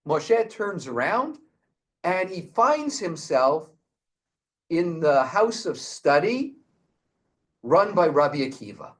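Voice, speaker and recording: A man hosting and teaching, retelling a Talmudic tale as an animated storyteller. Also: fairly high pitch, slow pace, long pauses. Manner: animated storyteller, frequent restarts.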